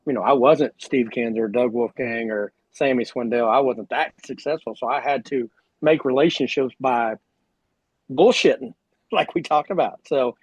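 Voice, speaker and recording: A man with a relaxed Oklahoma drawl talks as a podcast guest, wandering through his thoughts with lots of "you know" and false starts. His voice sits at an ordinary pitch. The recording is dry and dull, a little lo-fi. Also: normal speed, breathy edge, no echo. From Oklahoma, USA. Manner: rambling, full of "you know" and restarts. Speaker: guest, sprint car driver. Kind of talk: casual podcast chat.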